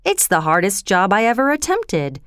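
A woman's voice: mid-range voice, wildly swooping pitch, moderate pace, a bit bright, clean tone, dry recording, studio quality. A woman voicing a brusque, self-assured middle-aged male professor in a storybook reading. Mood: confident. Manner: confident, impatient.

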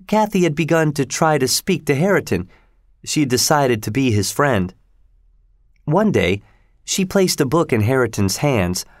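A man narrating a classic novel in steady, measured audiobook storytelling. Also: mid-range voice, dry recording, clean studio sound.

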